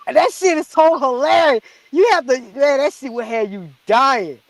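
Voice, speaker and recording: A man co-hosting a podcast in casual chat, animated and repeating words as he gets going. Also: extremely high pitch, moderate pace, no room sound. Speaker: podcast co-host.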